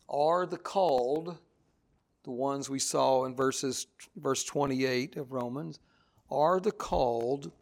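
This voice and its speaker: A man preaching a sermon, reading scripture aloud and driving each point home with emphasis. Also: a little high. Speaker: pastor.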